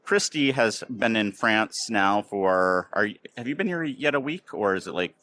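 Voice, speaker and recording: A fairly low-pitched American man talks in a loose, casual way. He hosts the chat and wanders through his stories with plenty of ums and restarts. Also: animated, moderate pace, sharp tone. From United States. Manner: rambling, filler-heavy storytelling. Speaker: podcast host. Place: outdoors near a train station.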